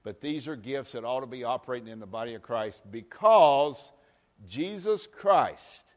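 A male pastor preaching a folksy sermon, swinging from loud exhortations to quiet asides. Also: mid-range voice.

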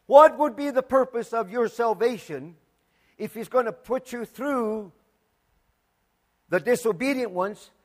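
In a very high voice, a pastor delivers an emphatic sermon at an unhurried pace, pausing often. He shifts from loud declarations to hushed asides and repeats words for emphasis.

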